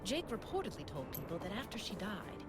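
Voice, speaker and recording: A woman's voice: mid-range voice, sing-song, fairly quick, loud music behind the voice, lightly acted. An actress voicing a spoiled, fame-hungry young woman in a video game, with a Valley Girl accent and an aloof drawl. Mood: gossipy. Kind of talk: video game character acting.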